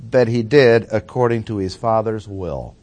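A man preaching an expository sermon, deliberate and emphatic, slowing down to stress key phrases. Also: fairly low pitch, darkish tone.

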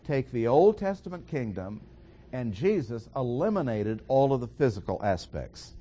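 A man teaching a sermon in a slow, deliberate, emphatic way with pauses. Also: medium pitch, sing-song, dark tone. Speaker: preacher.

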